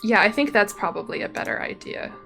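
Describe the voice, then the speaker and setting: A woman's voice: medium pitch, lively intonation, fairly quick, gravelly, bright, forceful tone. A young woman streaming, chatting casually and rambling with lots of fillers and restarts. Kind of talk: casual live-stream chat. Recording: faint music behind.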